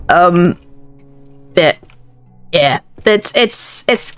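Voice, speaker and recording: A woman's voice: mid-range voice, a little slow, soft background music. A woman with a Scottish accent, chatting casually while streaming a game, rambling and often restarting her sentences. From Scotland. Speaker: gaming streamer. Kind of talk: casual chat while gaming.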